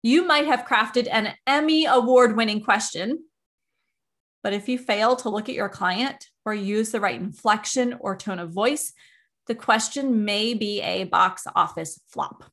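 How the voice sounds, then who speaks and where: Speaking a little slowly in a slightly high voice, the coaching-podcast host walks listeners through question techniques in a calm, teacherly monologue, illustrating with everyday comparisons.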